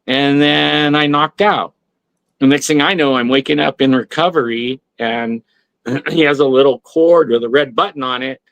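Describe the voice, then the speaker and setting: A man's voice: mid-range voice, moderate pace, fairly bright tone, dry recording. A man telling a personal story on a talk radio show, rambling with many restarts and fillers. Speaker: guest. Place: radio studio.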